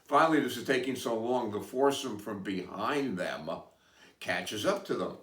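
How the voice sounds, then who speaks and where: Man, podcast host, low voice, rambling, hesitant asides, echoey room, a bit off-mic. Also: lively intonation, normal speed, a bit bright, recorded from a distance. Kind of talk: casual storytelling chat. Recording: roomy, away from mic.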